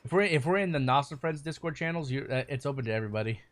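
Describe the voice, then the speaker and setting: A man's voice: fairly high pitch, animated, racing, no room sound. A man casually chatting on his gaming stream, rambling and swearing freely as he talks through the game.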